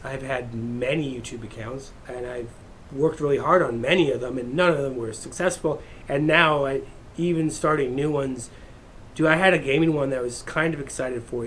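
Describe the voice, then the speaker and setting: A man's voice: mid-range voice, a little hiss or hum. A man ranting in a crude, heated, rambling monologue as a vlogger.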